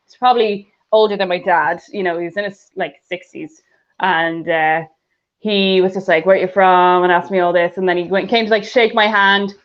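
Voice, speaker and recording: An Irish woman co-hosting a comedy podcast, telling a story in casual chat and laughing often. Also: mid-range voice. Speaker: podcast co-host. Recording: dull lo-fi sound.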